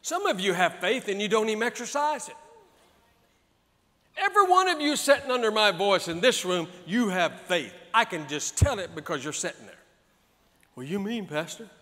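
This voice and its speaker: A man preaches with high-pitched, bright energy, swinging between folksy asides and full-throated shouts. His voice rings out through a large church hall with a long, lingering reverb. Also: sing-song, normal speed. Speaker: pastor. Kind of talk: preaching a sermon.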